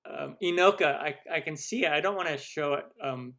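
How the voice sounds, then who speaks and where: A man's voice: a little high, a little fast, sharp tone. A man in his forties, a cooking show host, chatting casually in a live Q&A, rambling with many fillers and self-deprecating jokes. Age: 40s. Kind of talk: live stream Q&A chat.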